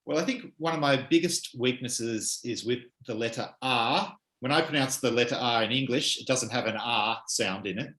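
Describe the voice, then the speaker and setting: A man's voice: mid-range voice, moderate pace, few pauses, fairly bright tone, reverberant. A man from Melbourne with an Australian accent, co-hosting a casual chat with wry explanations. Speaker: podcast co-host. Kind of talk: casual conversation.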